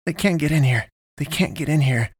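A man's voice: a little high, sing-song, normal speed, voice pushed up. A man reading a story aloud, voicing a young boy who is scared and a little whiny at a nighttime sleepover. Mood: scared, hushed. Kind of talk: storybook character voice.

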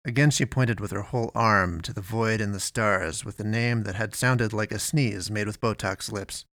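Male audiobook narrator, deep with vocal fry, dry close mic. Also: moderate pace, fairly bright tone, dry recording.

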